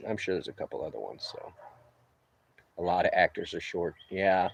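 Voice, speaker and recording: A man's voice: sits low, normal speed, gravelly, a little hiss or hum. A man in his fifties from New Orleans, chatting casually on a livestream while taking a break outdoors on a roof, rambling and easygoing with chuckling asides. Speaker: livestreamer and roofer.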